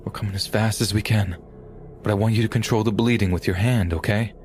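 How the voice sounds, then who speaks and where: A man voicing a calm male emergency dispatcher who reassures an injured caller. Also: fairly low pitch, fairly quick, slight background noise, natural voice. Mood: urgent, reassuring. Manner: steady, reassuring, urgent.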